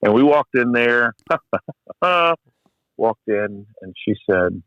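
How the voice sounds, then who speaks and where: A man's voice: medium pitch, expressive, drawn-out words, long pauses, no echo. A middle-aged man, an emergency physician, telling stories in a candid, reflective and self-deprecating podcast conversation. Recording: slightly muffled podcast audio.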